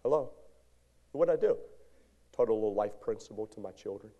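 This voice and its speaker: A male pastor preaching a sermon in a church, animated, moving from shouts to hushed lines and calling out to the congregation. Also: lowish voice, brisk, muffled recording. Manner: call-and-response exhortation to congregation. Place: church sanctuary.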